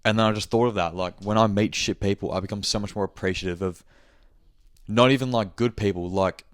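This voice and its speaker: A young man with a very low voice talks through a solo podcast in a loose, rambling way, peppering everything with fillers and swear words. The recording is dry and close, with no room sound. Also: steady tone, brisk, dry recording. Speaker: podcast host. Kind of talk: casual solo chat.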